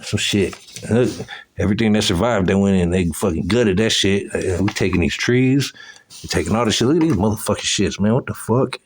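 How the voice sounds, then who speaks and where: A man's voice: on the low side, brisk, breathy edge. A man giving profane, agitated commentary on old photos, exclaiming as he goes. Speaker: video host.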